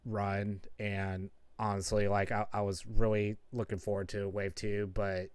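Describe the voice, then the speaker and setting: A man's voice: lowish voice, level tone, a little slow, darkish tone, clear, resonant tone, no echo. A man hosting a stream in casual chat, laid-back and loose, swearing freely. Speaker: stream host.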